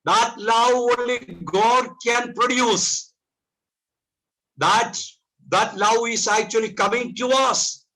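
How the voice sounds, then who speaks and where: A man preaching a sermon as pastor, slow and repetitive, asking the congregation rhetorical questions. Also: very high-pitched, pushed and bright, low-quality recording. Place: church.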